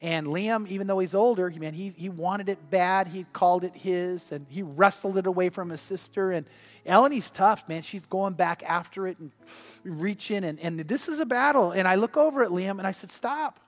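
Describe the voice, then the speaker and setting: An older man, a grandfather and pastor, preaching a sermon with earnest storytelling that drops soft and quiet in personal moments. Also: high voice, normal speed.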